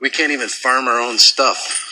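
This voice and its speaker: A man's voice: medium pitch, fairly even intonation, normal speed, bright, forceful tone, poor audio. A man filming himself inside a store on a phone, ranting furiously and sarcastically, swearing often. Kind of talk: angry ranting phone video.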